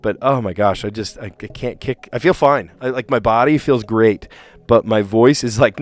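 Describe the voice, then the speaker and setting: A schoolteacher chats casually on a live stream, ranting with lots of fillers and restarts. His voice is sore, hoarse and on the low side, at normal speed.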